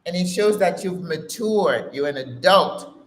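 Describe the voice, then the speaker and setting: A woman's voice: lowish voice, expressive, unhurried. A woman in her sixties talks straight to camera, emphatic and a bit preachy, calling her listeners sis. Her voice rings out in a roomy, echoey space. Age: 60s. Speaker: channel host. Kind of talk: casual motivational talk to camera.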